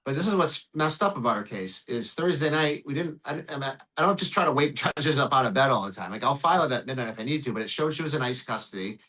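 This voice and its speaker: A man who works as an immigration lawyer, telling a case story in an interview in an animated way, swearing and acting out the dialogue. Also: mid-range voice, fast, few pauses, poor audio. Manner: animated, profane, acts out dialogue.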